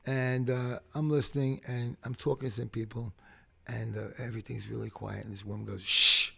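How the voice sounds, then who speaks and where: A man from the Bronx with a gravelly edge, talking at an everyday mid pitch. He tells his stories with animated, profane energy and acts out the people in them. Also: fairly quick. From the Bronx, New York. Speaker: podcast guest, punk rock singer. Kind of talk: casual storytelling interview.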